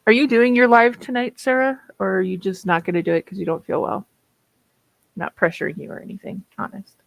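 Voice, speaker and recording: Chatty Minnesota woman with gravelly voice. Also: mid-range voice, fairly quick, dry recording, poor audio. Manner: chatty, laughs often, stretched vowels. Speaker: author hosting writing sprints. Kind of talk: casual livestream chat.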